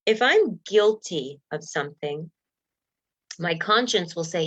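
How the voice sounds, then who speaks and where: A woman's voice: fairly low pitch, lively intonation, slow pace, fairly bright tone, muffled recording. A woman giving an earnest, emotional self-help talk, laughing often and acting out inner voices. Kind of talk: motivational talk.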